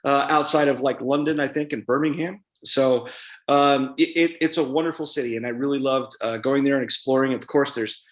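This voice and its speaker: A man's voice: medium pitch, brisk. A man, an author guest at a live event interview, talking in a chatty, rambling way with many fillers and restarts. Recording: roomy hall sound.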